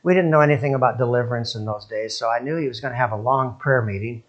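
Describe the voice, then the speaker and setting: An older man preaching a sermon, telling stories and leading prayer, moving between soft, hushed passages and loud, emphatic ones. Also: medium pitch, fast, muffled recording.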